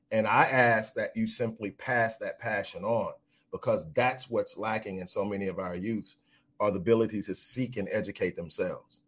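A man speaking earnestly in conversation, giving measured, encouraging advice. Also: lowish voice, fairly bright tone.

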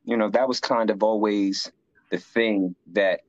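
A man's voice: fairly low pitch, fairly even intonation, measured pace, no room sound, highs cut off. A man in casual conversation, telling stories animatedly, acting out quoted voices and using frequent fillers. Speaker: guest sharing life story.

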